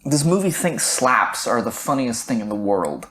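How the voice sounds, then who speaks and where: A woman's voice: extremely low pitch, very animated, moderate pace, fairly bright tone, slight background noise. Blunt, argumentative woman podcaster. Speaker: podcast co-host. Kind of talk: casual film-critique chat.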